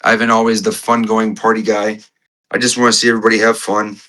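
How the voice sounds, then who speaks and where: A man talking as a podcast guest, telling a personal story in a halting way, repeating phrases and restarting often, a little choked up. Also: fairly low pitch, completely flat delivery, bright, forceful tone, poor audio. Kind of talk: emotional conversational storytelling.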